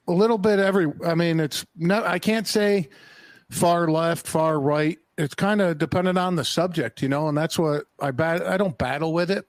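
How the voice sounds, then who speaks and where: Casting: easygoing podcast guest from Colorado, slightly high voice, dry close recording. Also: male voice, no room sound. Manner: easygoing, talkative, laughs often. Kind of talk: casual podcast chat.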